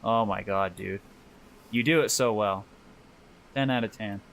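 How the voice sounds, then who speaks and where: A man's voice: on the low side, a little slow, fairly bright tone, slight background noise. A man co-hosting a podcast in loose casual chat, swearing freely and laughing often while he draws. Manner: talks while drawing. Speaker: podcast co-host.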